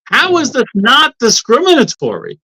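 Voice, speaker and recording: A man's voice: very high-pitched, huge pitch swings, moderate pace, bright, forceful tone, poor audio. A man guesting on a talk show as a law professor, speaking in an indignant, impassioned way. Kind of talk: heated talk-show discussion.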